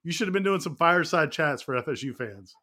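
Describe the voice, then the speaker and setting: A man's voice: a little high, lively intonation, fast talker, sharp tone. A man co-hosting a casual sports talk show, telling stories and teasing with laughter. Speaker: sports podcast co-host.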